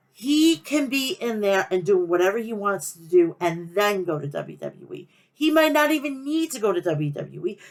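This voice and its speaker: A woman with a nasal Long Island New York accent hosting a wrestling podcast, talking in a profane, passionate, rambling rant. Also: medium pitch. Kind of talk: casual rant.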